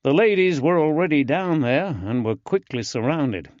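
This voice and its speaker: A male narrator voicing an earnest, eager young man with a soft drawling accent in an audiobook. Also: on the high side, animated, moderate pace, no echo, dull audio, pitched above the performer's own voice, natural voice.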